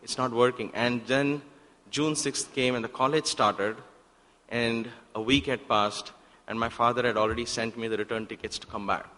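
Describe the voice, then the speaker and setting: Guy telling a story at a spiritual center, punchy bright voice, acts out the lines loud, long echo from the hall. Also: mid-range voice, moderate pace. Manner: animated, acts out quoted exchanges with sudden loud bursts. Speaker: guest speaker at a spiritual center. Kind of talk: personal storytelling talk.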